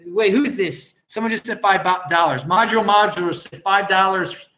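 Man, livestream host, casual rambling chat, chuckling, fairly high voice, roomy echo. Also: moderate pace, bright, forceful tone. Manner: rambling, chuckling, self-interrupting. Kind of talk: casual livestream chat, reading viewer comments.

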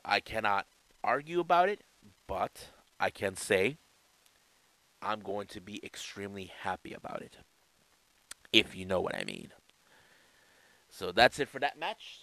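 A man's voice: on the low side, fairly bright tone, rough recording. A man giving casual wrestling news commentary in a chatty way, often restarting and adding asides.

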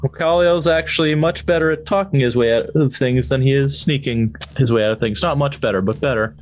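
A man's voice: medium pitch, a little fast. A man playing a tabletop game, chatting casually and making wry, joking asides. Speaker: player.

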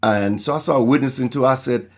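A man's voice: mid-range voice, quick pace. A man preaching a sermon, earnestly telling a personal testimony and acting out the people in his story. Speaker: pastor.

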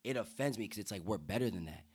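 A man's voice: fairly low pitch, lively intonation, fast, a little mellow, breathy edge. A young man as a podcast guest, chatting casually at a table in a laid-back, slangy way with lots of fillers. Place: table indoors with drinks.

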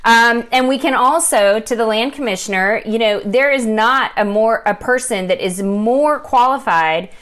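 A woman's voice: fairly high pitch, normal speed, hardly any pauses, fairly bright tone. A woman co-hosting, upbeat and chatty in a casual conversation. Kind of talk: casual chat.

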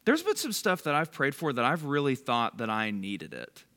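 Lively-voiced man giving a casual sermon. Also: mid-range voice, moderate pace. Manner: conversational, quizzes listeners by name. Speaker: bible study leader. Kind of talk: casual sermon to a small group.

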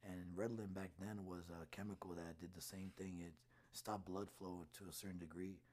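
Low husky guy telling a story, acts out all the quotes. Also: a little fast. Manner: animated storyteller acting out quotes. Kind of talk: casual storytelling chat.

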